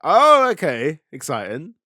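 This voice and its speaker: A man's voice: on the high side, huge pitch swings, measured pace, sharp tone, no room sound, studio quality. A man co-hosting and editing a podcast, rambling casually with lots of filler words. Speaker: podcast co-host and editor. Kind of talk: casual chat.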